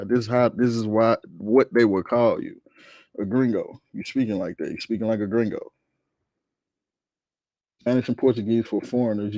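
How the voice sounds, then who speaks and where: A man's voice: on the low side, warm tone, dry recording, clean studio sound. A man hosting a livestream, arguing with his chat in a heated, profane, slangy rant. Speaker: streamer host reacting to chat.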